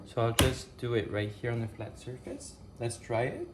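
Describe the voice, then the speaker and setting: A vlogger talks casually to his viewers while cooking breakfast in his home kitchen, with a camera set up on a tripod. His medium-pitched voice swoops wildly up and down at a moderate pace, and the recording is very noisy. He rambles, uses lots of fillers, thinks aloud, and keeps correcting himself.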